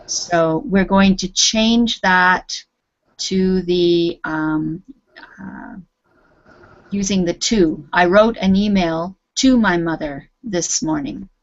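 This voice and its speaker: A woman's voice: fairly low pitch, slow pace, no room sound, muffled recording. A woman teaching an English grammar class online, correcting students patiently and encouragingly.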